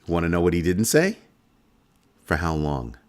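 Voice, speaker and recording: A middle-aged man with a very low voice rants as host of his own finance show. He sounds heated and sarcastic, and he leans hard on his points. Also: very animated, moderate pace, darkish tone. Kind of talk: ranting monologue.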